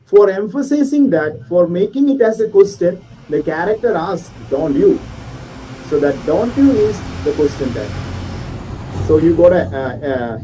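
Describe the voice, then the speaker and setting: Male teacher, Malayali English, dark mellow voice, classroom grammar lesson, mic set back with faint music. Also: high-pitched, distant mic, slight background noise, rough recording. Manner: explains patiently, checks understanding with students.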